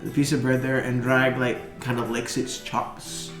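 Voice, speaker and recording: A man narrating as game master, animated and laughing often. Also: medium pitch, a little slow, reverberant, over music.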